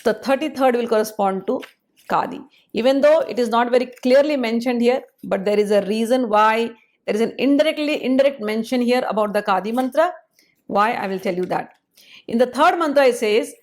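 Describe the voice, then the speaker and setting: Woman, a spiritual teacher; slightly high voice, explanatory and measured lecture delivery. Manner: explanatory, measured, pausing to spell out syllables. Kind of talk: spoken lecture.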